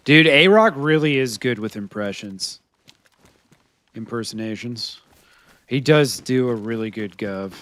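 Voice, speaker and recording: A US streamer with a mid-range, animated, slightly bright voice narrates his live gameplay for chat at a measured pace, with long pauses. He laughs often and talks to himself as he hunts for equipment. There's no room sound.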